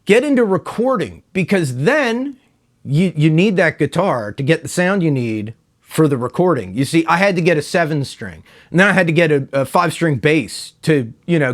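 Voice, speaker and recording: A middle-aged man hosting a home guitar vlog, talking loosely and meandering, tossing in "man" and "right?". His voice sits a bit higher than most men's. He sounds relaxed and chatty, speaking straight to the camera. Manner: laid-back, rambling, says "man" and "right?" often. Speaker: YouTube guitar channel host. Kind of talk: casual rambling vlog to camera. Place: home room with a wall of guitars.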